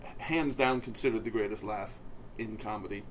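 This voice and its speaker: A man's voice: fairly low pitch, fairly quick, a crowd in the background, poor audio. A man hosting a casual podcast interview, prompting his guest with short questions and dry, teasing jokes. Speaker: podcast host.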